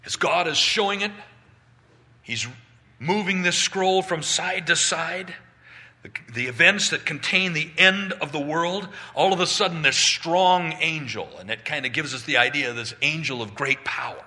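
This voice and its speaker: Brief: male preacher, vivid storyteller, sharp bright tone, echoing recording. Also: a little high, moderate pace. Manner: dramatic storytelling with swings in volume. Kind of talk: sermon, Bible teaching. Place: outdoors.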